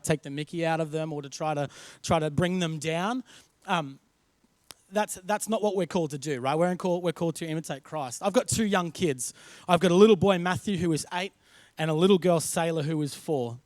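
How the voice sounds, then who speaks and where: A man's voice: a little high, dry recording. An Australian man in his thirties preaching a sermon in church, talking casually with many restarts and repeated words. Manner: conversational, repeats words and restarts, tells family stories. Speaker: pastor.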